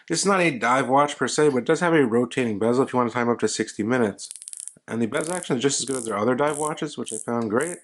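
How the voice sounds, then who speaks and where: Casual male reviewer, easygoing voice-over, doubles up his praise, mid-pitched. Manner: easygoing, repeats praise words ("really, really nice"). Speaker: watch reviewer. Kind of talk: casual product review narration.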